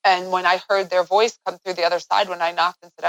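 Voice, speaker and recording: A woman guest in an interview, telling a personal story in an earnest way that grows animated as she recounts events. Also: fairly low pitch, fast, no room sound, rough recording.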